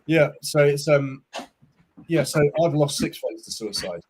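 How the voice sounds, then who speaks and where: A man's voice: fairly high pitch, expressive, unhurried, a little mellow, slightly rough. A man in his forties, a company boss talking candidly as a podcast guest, telling stories in a chatty way with casual slang. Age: 40s. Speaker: startup CEO, podcast guest. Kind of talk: casual interview chat.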